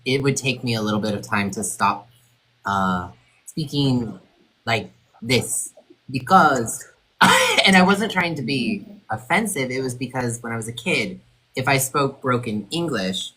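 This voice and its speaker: A man hosting a casual group chat over a video call, animated and often laughing. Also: mid-range voice, normal speed, low-quality recording. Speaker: host.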